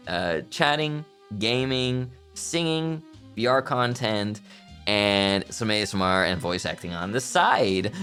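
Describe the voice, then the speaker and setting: A man streams live as a VTuber, chatting casually and playfully in a mid-range, slightly bright voice. He giggles often and bursts into theatrical outbursts.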